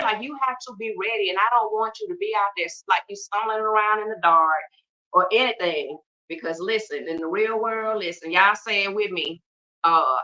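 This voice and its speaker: A woman's voice: medium pitch, sharp tone, far from the mic, rough recording. A middle-aged woman hosting a podcast, talking casually and emphatically with joking asides. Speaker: podcast host. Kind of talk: casual heartfelt talk.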